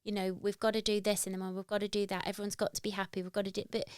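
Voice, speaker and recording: A woman co-hosting a parenting podcast, agreeing often and talking in an encouraging, animated way. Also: mid-range voice, rapid-fire, clear, resonant tone, dry recording, clean studio sound. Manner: warm agreeing, animated when quoting. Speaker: podcast co-host. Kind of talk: casual parenting chat.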